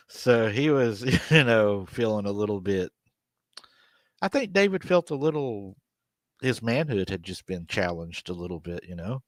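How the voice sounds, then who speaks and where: A man's voice: lowish voice, a bit bright, dry recording. Laughing man retelling a story. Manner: retells a story with quoted dialogue, laughs often. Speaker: podcast host. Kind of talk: casual storytelling on a live stream.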